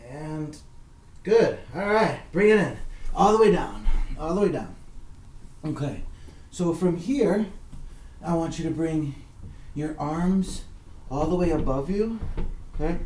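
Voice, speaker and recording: Slow-paced male yoga coach, echoey room. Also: on the high side, lively intonation, a little mellow, a little hiss or hum. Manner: encouraging, repetitive coaching cues. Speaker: kids' yoga instructor. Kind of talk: guided workout instruction. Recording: echoey room, mic far off.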